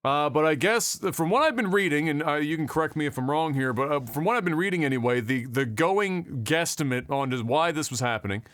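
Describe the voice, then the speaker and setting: A man co-hosting a casual podcast, talking in an animated, profane, rambling way with lots of fillers. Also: fairly high pitch, brisk, few pauses, no room sound. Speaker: podcast co-host.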